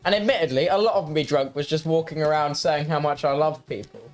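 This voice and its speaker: A man's voice: on the high side, brisk, faint music behind. A young man chatting casually as a podcast co-host, teasing his friend in playful banter. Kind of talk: casual chat.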